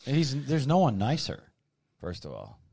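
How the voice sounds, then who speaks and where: A man's voice: mid-range voice, huge pitch swings, unhurried, vocal fry, a little mellow, slightly rough. A middle-aged man co-hosting a podcast in casual chat, opinionated and emphatic. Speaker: podcast co-host.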